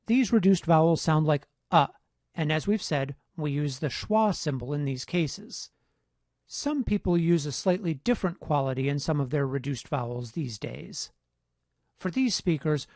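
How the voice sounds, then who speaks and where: A man teaching phonetics in a measured, precise lecture voice-over, explaining each point carefully. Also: a little high, a little mellow, no echo, clean studio sound. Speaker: phonetics instructor. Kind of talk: scripted lecture narration.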